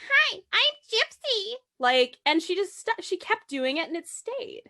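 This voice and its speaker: A woman's voice: very high-pitched, lively intonation, normal speed, fairly bright tone. A woman hosting a podcast, telling a true-crime story in a casual chat and laughing easily. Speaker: podcast host.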